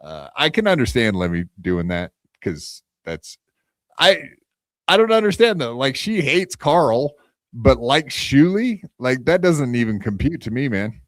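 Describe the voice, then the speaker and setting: A man's voice: medium pitch, very animated, unhurried, a bit bright, no echo, studio quality. Casual, rambling male podcast host. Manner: loose, profane, rambling with many fillers.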